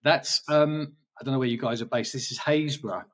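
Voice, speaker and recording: A man's voice: medium pitch, fairly quick, distant mic. A man chatting in an interview about his photography, rambling and hesitant, with many restarts. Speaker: guest photographer. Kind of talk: casual interview chat.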